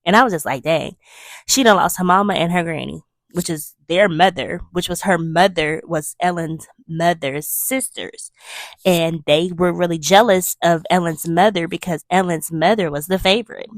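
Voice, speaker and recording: A woman's voice: on the low side, normal speed, no room sound, clean studio sound. Chatty woman hosting a movie review. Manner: chatty, animated retelling with emphatic asides. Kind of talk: casual spoken movie review.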